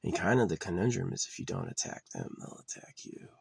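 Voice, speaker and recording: A man's voice: low voice, huge pitch swings, fairly quick, a little mellow, dry recording. A man rambling profanely in a casual monologue, now and then dropping to a near-whisper, recorded outdoors at his camp spot. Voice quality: gravelly and husky. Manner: drops to a near-whisper at times.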